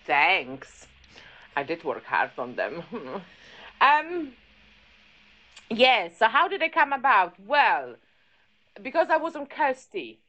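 A woman's voice: mid-range voice, very animated, slow, pauses often, sharp tone, lo-fi sound. A middle-aged woman, a podcast guest, chatting casually and telling stories with lots of laughter. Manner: chatty, giggly storyteller. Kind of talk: casual chat.

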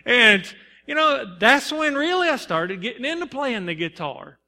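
A man's voice: very high voice, sing-song, measured pace, pushed and bright. A young man preaching a sermon in a church, telling personal stories earnestly with bursts of emphasis. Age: young adult. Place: church sanctuary. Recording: long hall reverb.

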